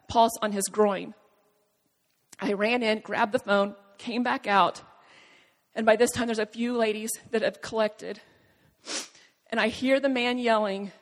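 A woman with a high voice tells a personal testimony, earnest and halting, with long pauses between phrases. Her voice rings out with the long reverb of a large hall. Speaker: speaker sharing a personal testimony. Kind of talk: emotional spoken testimony.

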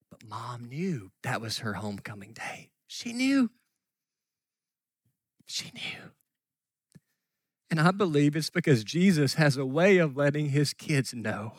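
A middle-aged man preaching a sermon, telling a story earnestly and dropping at times to soft near-whispers. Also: mid-range voice, no echo. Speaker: pastor.

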